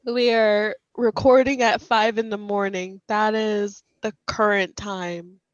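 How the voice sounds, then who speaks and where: A woman's voice: medium pitch, steady tone, takes it slowly, no room sound, highs cut off. A woman hosting a podcast in casual chat, giggly and rambling. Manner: giggly, rambling, many fillers. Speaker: podcast host.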